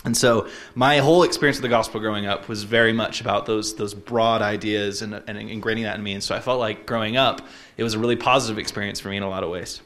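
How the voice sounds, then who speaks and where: Man, twenties, from Utah, casual personal story, reflective, halting, fillers. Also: lowish voice, fairly even intonation, fairly bright tone.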